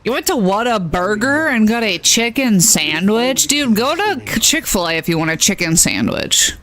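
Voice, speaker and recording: A woman's voice: medium pitch, very animated, moderate pace, fairly bright tone. A woman streaming a video game, chatting casually in rambling asides and laughing often. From United States. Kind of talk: casual chat while playing a video game.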